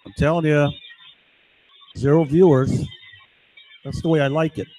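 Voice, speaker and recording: A man's voice: a little high, fairly even intonation, measured pace, warm tone, faint music behind, low-quality recording. A man delivering an agitated, rambling monologue to his camera, constantly asking "right?". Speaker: vlogger.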